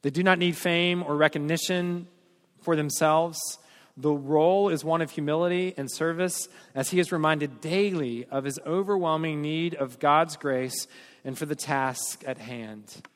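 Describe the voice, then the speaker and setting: A man delivering a sermon as pastor, telling stories with energy and then speaking earnestly and softly. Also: a little high, a little slow. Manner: storytelling, animated then earnest and quiet. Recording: hall reverb.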